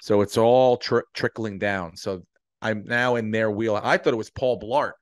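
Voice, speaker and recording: A middle-aged podcast co-host tells a long, animated story in casual chat, swearing freely and acting out the voices of the people involved. His voice is on the low side and a little slow.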